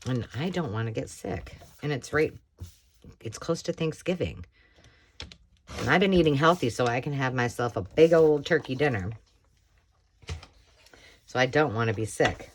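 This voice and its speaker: A middle-aged American woman with a slightly hoarse voice, chatting casually while making a craft project. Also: very deep voice, expressive, normal speed, pauses often, slight background noise. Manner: chatty, rambling, self-talk while working. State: slightly hoarse, frog in throat. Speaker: crafting tutorial host. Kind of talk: casual craft tutorial chat.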